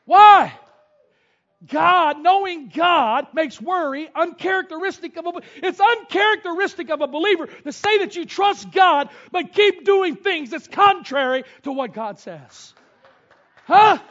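A male pastor preaching a sermon, swinging from loud shouted bursts and whoops to quieter teaching. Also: very high voice, animated, normal speed, hardly any pauses. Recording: dull lo-fi sound.

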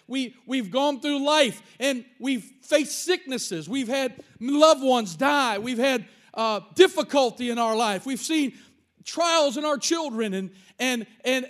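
A man's voice: extremely high pitch, a bit bright. A man preaching a sermon as pastor, emphatic and repeating words for stress.

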